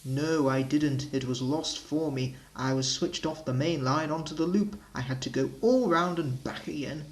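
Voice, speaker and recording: A man doing a slow gruff big engine. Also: a little high, lightly acted. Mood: sulky. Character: big proud male express engine, humbled.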